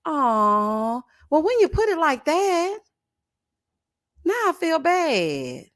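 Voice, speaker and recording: Speaking slowly in a high voice with huge pitch swings, a middle-aged woman delivers casual, dramatic reality TV reactions. She reads viewer comments, laughs, sasses, and addresses people as honey and child.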